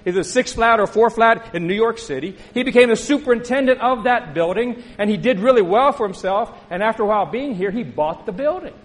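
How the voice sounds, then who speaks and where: A middle-aged male pastor with a husky, fairly high voice. He preaches in a relaxed, conversational way. He often stops to put questions to his listeners. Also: fairly quick, hardly any pauses, poor audio. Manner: conversational storytelling with questions to the congregation. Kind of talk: sermon.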